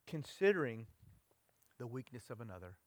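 A middle-aged male pastor preaching in a conversational way, letting phrases trail off softly and sometimes rising into loud, mock-stern lecturing. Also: mid-range voice, very animated, normal speed, dry recording. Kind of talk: sermon.

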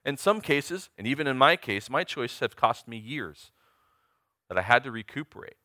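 A man's voice: medium pitch, animated, normal speed, bright, forceful tone, no echo, clean studio sound. A man in his forties preaching a sermon, earnest and emphatic, asking the congregation direct questions. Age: 40s.

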